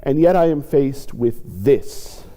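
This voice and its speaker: A man's voice: animated, takes it slowly, dark tone. A male pastor giving a reflective sermon, sometimes voicing the pleas of people he describes. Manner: reflective, acts out quoted pleas with lifted pitch. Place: church sanctuary. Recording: church sanctuary with long reverb.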